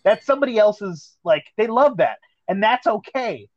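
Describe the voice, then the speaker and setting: A man co-hosting a casual podcast chat, telling stories in a profane, animated way. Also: high-pitched, moderate pace, no room sound, dull audio. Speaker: podcast co-host.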